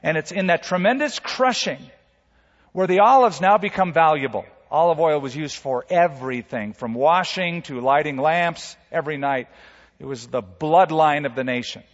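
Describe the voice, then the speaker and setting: Emphatic preacher in an echoing hall. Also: male voice, normal speed. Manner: emphatic preaching, rising loud for dramatic quotes and dropping soft. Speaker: pastor. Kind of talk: sermon. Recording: reverberant hall, dull low-fidelity sound.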